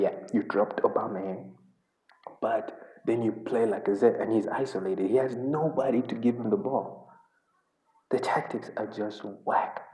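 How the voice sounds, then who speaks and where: A man's voice: mid-range voice, darkish tone. A man from Uganda, a football fan vlogger, venting in an exasperated, repetitive reaction rant. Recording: echoey room.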